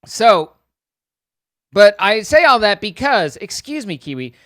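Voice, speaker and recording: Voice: mid-range voice, a little slow, no room sound, studio quality. A live streamer chatting casually with viewers, rambling and teasing them playfully. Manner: rambling, animated.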